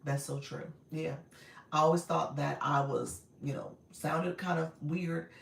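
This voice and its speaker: Raspy-voiced woman hosting a live stream. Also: low voice, fairly even intonation, a little slow. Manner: warm, encouraging, greets viewers often. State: voice a little strained. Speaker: live-stream host and coach. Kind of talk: casual live-stream chat. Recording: echoey room.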